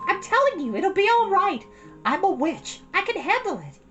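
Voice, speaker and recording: A woman's voice: very high voice, very animated, normal speed, sharp tone, highs cut off, voice pushed up, full character voice. Kiki, a woman doing a young girl witch. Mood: determined. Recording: guitar music behind.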